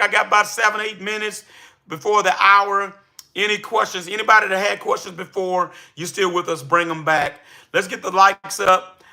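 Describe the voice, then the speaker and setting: A man coaches his live-stream audience in a high, very bright voice. He talks energetically and preaches, now and then breaking into excited shouts. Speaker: livestream host and business coach. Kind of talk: live-stream coaching talk to chat viewers.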